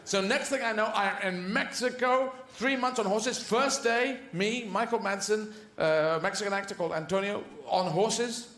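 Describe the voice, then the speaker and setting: A man's voice: high voice, moderate pace, hardly any pauses, fairly bright tone. A man doing rambling, playful stand-up comedy full of sound effects, on a roomy stage.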